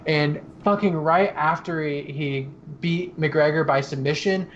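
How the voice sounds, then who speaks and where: Casual podcast co-host, male, higher voice, profane and animated, slightly muffled recording with faint hiss. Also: measured pace. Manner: swears a lot, animated retelling. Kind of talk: casual chat.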